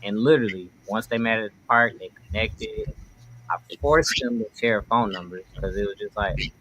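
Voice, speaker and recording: A man with telling a story as a guest on a casual livestream, animated and slangy. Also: fairly low pitch, moderate pace, slight background noise, low-quality recording.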